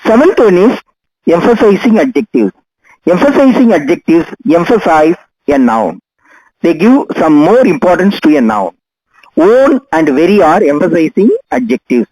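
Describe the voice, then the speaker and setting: A man's voice: high voice, big pitch swings, mellow, no room sound, poor audio. Older man teaching grammar patiently. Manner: patient, repeats examples slowly. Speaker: English teacher. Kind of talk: grammar lesson.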